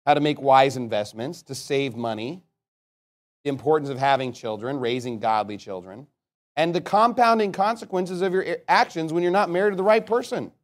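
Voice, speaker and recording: A man preaching a sermon, reading scripture aloud and breaking into animated commentary, rhetorical questions and chuckling asides. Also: a little high, normal speed. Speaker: pastor.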